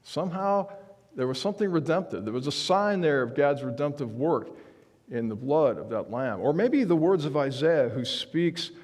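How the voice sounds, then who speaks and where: A man's voice: a little high, animated, normal speed, a little mellow, in a large hall. A male pastor preaching a sermon in a church sanctuary, speaking earnestly and with emphasis, often restarting his phrases.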